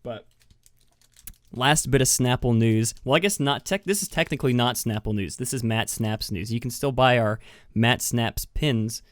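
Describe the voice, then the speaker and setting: A man's voice: mid-range voice, moderate pace, dry recording, clean studio sound. A man hosting a podcast in a casual, chatty, self-mocking way, often giggling at his own jokes. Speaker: podcast host. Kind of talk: casual chat. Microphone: webcam with mic.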